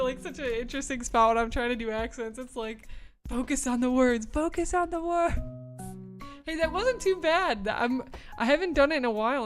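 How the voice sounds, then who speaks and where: A bubbly woman streamer chatting casually on a livestream, reading out viewer messages and thanking them as she goes. Her voice sits a touch high, with soft music playing quietly underneath.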